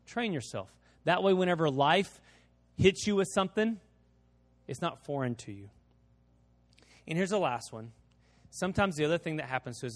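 A middle-aged man preaching a sermon, telling stories with many restarts and repeated words. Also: on the high side. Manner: alternates lively story passages with quiet, slow appeals. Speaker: pastor.

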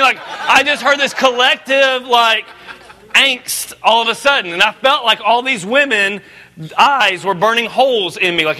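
A man preaching a sermon as a pastor, conversational and joking, rising to animated emphasis. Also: high voice.

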